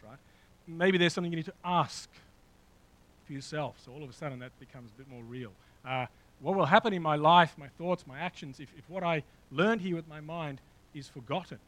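A man with a slightly high voice preaches to his church in an easygoing, talk-to-you way. He often stalls on little fillers and restarts, then drifts into friendly asides. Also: a little fast, fairly bright tone, poor audio. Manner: conversational, with frequent fillers and asides. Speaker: pastor. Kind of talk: sermon. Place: church hall with a slideshow.

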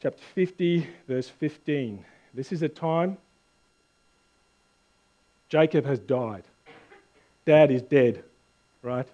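A male pastor gives a conversational sermon in a mid-range voice, slowly and with frequent pauses, on lo-fi audio. He swings between hushed and loud lines and trips over repeated words when correcting himself.

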